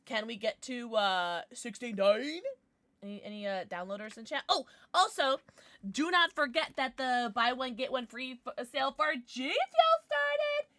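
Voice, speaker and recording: A woman's voice: a little high, normal speed, sharp tone, no echo. A woman hosting a casual livestream, bubbly and chatty as she greets her viewers by name and blows them kisses. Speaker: livestream host.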